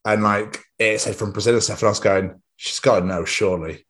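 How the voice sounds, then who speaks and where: Young man, low voice, casual excitable podcast chat, swears freely. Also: fairly quick. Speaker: podcast co-host.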